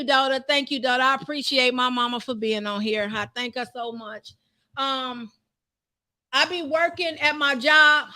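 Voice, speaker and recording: Fervent high-voiced woman preaching. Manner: fervent, shouts praise, repeats phrases. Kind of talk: sermon.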